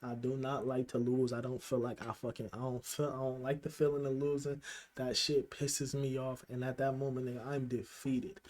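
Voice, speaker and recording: A man's voice: medium pitch, flat delivery, normal speed, a little mellow. A young man from Illinois telling a personal storytime, candid and swearing often, emotional and holding back tears. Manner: candid, heavy slang, frequent swearing. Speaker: vlogger.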